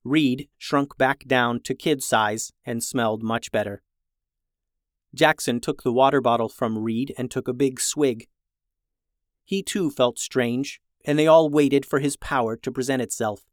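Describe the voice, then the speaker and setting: A narrator reading a children's storybook aloud, lively, shifting voices for each character. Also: medium pitch, unhurried, no echo, studio quality.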